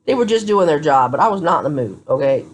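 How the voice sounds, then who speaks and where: A woman's voice: low voice, big pitch swings, fast talker, slightly rough. A tired woman vlogging from a hospital room, telling her story to a phone camera in a candid, blunt way. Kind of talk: casual chat to camera.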